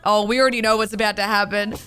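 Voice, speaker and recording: A young woman in her twenties, talking in a casual comedic vlog, animated and exasperated, acting out her own reactions. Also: mid-range voice, racing, clear, resonant tone, faint music behind. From Australia. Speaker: vlogger.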